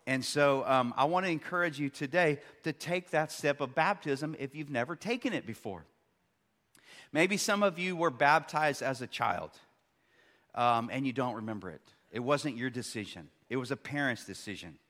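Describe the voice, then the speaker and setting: A pastor in his thirties preaching a sermon, swinging between loud, emphatic peaks and quiet, hushed stretches. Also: mid-range voice, animated, normal speed. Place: large church hall. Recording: long church hall reverb.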